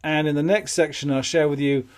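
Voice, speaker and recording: A man teaching phone appointment-setting in a calm, matter-of-fact way, with light chuckles. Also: on the high side, brisk. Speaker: business skills trainer. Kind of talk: instructional talk on phone sales.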